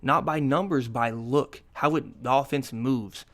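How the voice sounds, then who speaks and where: A man's voice: medium pitch, unhurried, fairly bright tone. A man in his twenties hosting a casual solo podcast, rambling through jokey, profane stories with sudden bursts of energy. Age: 20s. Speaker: podcast host.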